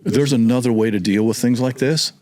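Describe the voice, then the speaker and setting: A man's voice: mid-range voice, brisk, darkish tone. A man in his sixties, a podcast guest, telling a childhood story in a rambling way and correcting his own memory as he goes. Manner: rambling, self-correcting recollection. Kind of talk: casual storytelling.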